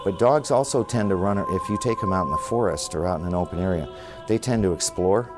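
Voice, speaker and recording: Deep man, calm explainer, music under him, documentary interview. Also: brisk. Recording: music bed behind interview.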